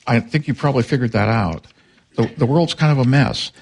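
An older man delivering a sermon at a middle pitch. His preaching is conversational, slipping into quick asides and voicing little exchanges of dialogue. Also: a little mellow, breathy edge. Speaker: pastor.

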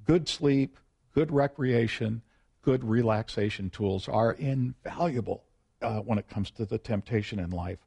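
A man's voice: mid-range voice, a little slow, gravelly, husky. Folksy storytelling male pastor. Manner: folksy, self-deprecating, animated storyteller. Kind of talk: sermon with personal storytelling.

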